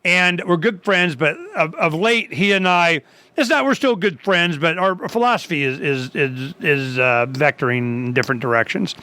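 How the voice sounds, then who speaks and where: A man hosting a talk radio show, his voice pitched high and bright. He rambles loosely, stumbles over restarts, and leaps into animated quoted dialogue. The sound is close and dry. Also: normal speed, no room sound. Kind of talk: casual talk radio conversation.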